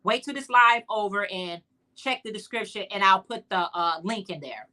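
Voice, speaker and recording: Woman, livestream host, casual chat, bright tone, playful asides to viewers. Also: medium pitch, normal speed. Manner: chatty, playful, talks straight to viewers; sassy, teasing asides.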